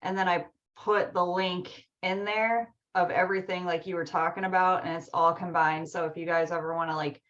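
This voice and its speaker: A woman hosting a casual webinar, chatty and relaxed, with light swearing. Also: lowish voice, normal speed, hardly any pauses, muffled recording.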